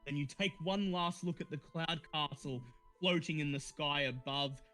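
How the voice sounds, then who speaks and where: A man's voice: fairly high pitch, moderate pace, pushed and bright, soft background music. A man narrating a tabletop game as game master, with descriptive storytelling and some hesitation.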